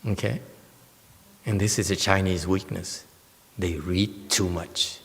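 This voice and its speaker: A man's voice: sits low, steady tone, takes it slowly, gravelly, a bit bright, big-room sound. A man as a Buddhist master giving a dharma lecture on a sutra, blunt and teasing, often checking in with "okay?". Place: temple lecture hall.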